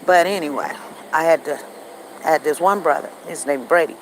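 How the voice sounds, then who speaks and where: A woman vlogging on an outdoor walk, telling stories in a chatty, animated way and talking straight to her viewers. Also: deep voice, fairly quick, a little hiss or hum, rough recording. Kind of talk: casual storytelling to viewers.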